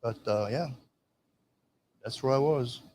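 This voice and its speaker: A man's voice: mid-range voice, slow, dark tone. Older man, veteran guest, rambling anecdotes, light background noise. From Michigan. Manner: rambling storyteller, acts out quoted dialogue. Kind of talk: casual storytelling.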